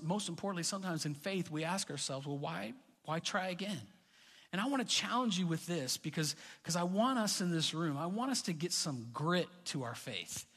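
Middle-aged male pastor, fairly high voice, chatty storytelling sermon, long echo of a church hall. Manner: conversational, storytelling, rising to animated bursts.

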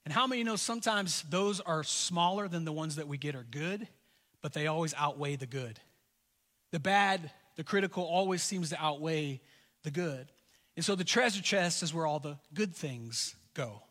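A middle-aged man preaching a sermon as a pastor, earnest and animated, often stumbling and repeating words as he tells personal stories. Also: a little high, moderate pace. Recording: long reverb of a large hall.

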